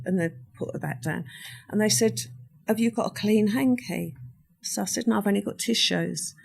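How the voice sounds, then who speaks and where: A woman's voice: medium pitch, normal speed, gravelly, darkish tone, slightly rough. An older woman, a podcast guest recounting a personal story in conversation and acting out what others said. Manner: vivid storyteller who acts out what others said.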